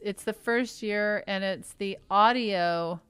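A middle-aged woman co-hosting a podcast, chatting casually in a dry, deadpan way. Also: mid-range voice, smooth, no echo. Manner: slow, dry, deadpan delivery. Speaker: podcast co-host. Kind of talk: casual chat.

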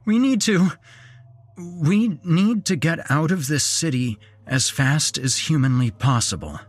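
A man's voice: medium pitch, sing-song, measured pace, slightly rough, no room sound, pitched above the performer's own voice. A man voicing a shaken young man who stammers and forces his words out, in a horror audio story. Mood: urgent. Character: shaken young man, first-person narrator hero.

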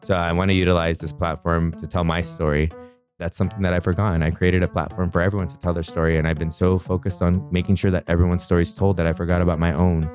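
A man earnestly recounting a personal story in an interview, reflective and quick-flowing. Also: low-pitched, flat delivery, darkish tone, soft background music.

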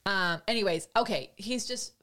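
A woman hosting a podcast, telling a story in casual chat, excitable and gushing, with lots of fillers. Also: medium pitch, normal speed. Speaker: podcast host.

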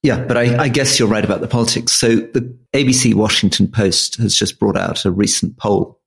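Low gravelly man, analytical. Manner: measured, analytical, thinking aloud. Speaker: podcast co-host. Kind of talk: casual political chat.

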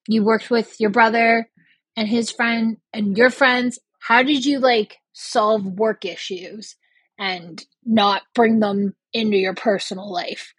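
Husky woman gushing in a voice message. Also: a little high, dry recording. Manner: gushing, rambling, rephrasing as she goes. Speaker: listener leaving a voice message. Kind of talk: recorded voice-message question.

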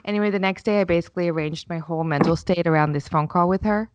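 A woman's voice: on the low side, quick pace, no echo, lo-fi sound. A woman in her thirties co-hosting a podcast, telling a story in casual chat and acting out the lines of the people in it with self-mocking humor. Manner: animated storyteller, acts out quotes, self-mocking. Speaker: podcast co-host.

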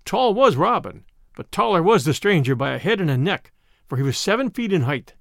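Male narrator, storybook reading, higher voice, very lively melody, dry close sound. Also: fairly quick, gravelly, dry recording. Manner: expressive, old-fashioned storytelling.

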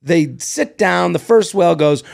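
A man's voice: high-pitched, measured pace, vocal fry. A man co-hosting a podcast in casual chat, telling stories with lots of energy, acting out other people's voices, swearing freely and laughing often. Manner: animated storyteller who acts out other people's voices. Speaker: podcast co-host.

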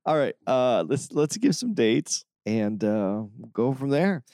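A man's voice: medium pitch, very animated, a little slow, dark tone, no echo, studio quality. A man co-hosting a casual comedy podcast, rambling with fillers and reading out his tour dates. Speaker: podcast co-host and touring comedian.

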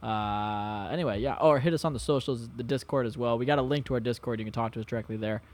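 A man's voice: medium pitch, fast. Male podcast co-host, casual banter, swears a lot, rambly and jokey. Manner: profane, joking, rambling. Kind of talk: casual chat.

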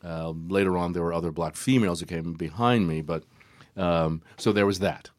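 An older man, a guest actor, telling stories at an unhurried, reflective pace in a conversational interview, with frequent ums and uhs. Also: low voice, fairly even intonation.

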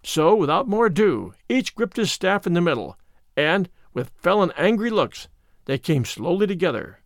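A man narrating an old-fashioned storybook in an expressive, unhurried way. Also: sits high, dry recording, clean studio sound.

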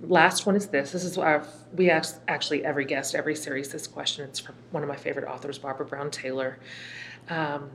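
A woman hosting a podcast, interviewing a guest with effusive, quick asides. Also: sits low, fairly even intonation, fairly bright tone, a little hiss or hum. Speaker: podcast host. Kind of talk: podcast interview and host-read ad.

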